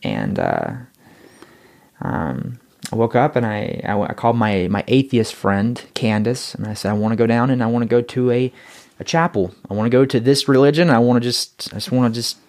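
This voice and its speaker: A man telling his own story in a casual interview, rambling and repeating words as he grows excited. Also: fairly low pitch, gravelly.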